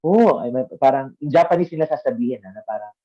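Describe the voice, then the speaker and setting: A man's voice: mid-range voice, expressive, racing. A Filipino man with a Filipino accent hosting a casual chat, mixing Tagalog and English and tagging sentences with "no?". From Philippines. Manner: conversational, mixing Tagalog and English, frequent "no?" tags. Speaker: vlog host and ALT teacher. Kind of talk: casual Taglish panel chat. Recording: dull lo-fi audio.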